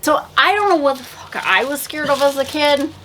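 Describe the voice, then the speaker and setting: A woman's voice: sits high, normal speed, a bit bright, slight background noise. A tipsy woman co-hosting a casual movie review, retelling the plot in a rambling, profane way. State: tipsy from drinking.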